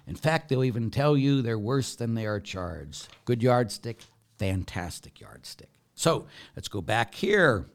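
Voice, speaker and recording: A middle-aged man, a priest, reading out viewer questions and answering each one in a plain, direct way during a live talk. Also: on the low side.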